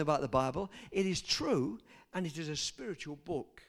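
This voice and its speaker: An older man preaching a sermon, telling personal stories and swinging from soft asides to loud emphasis. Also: fairly high pitch, lively intonation, moderate pace, gravelly, hardly any pauses.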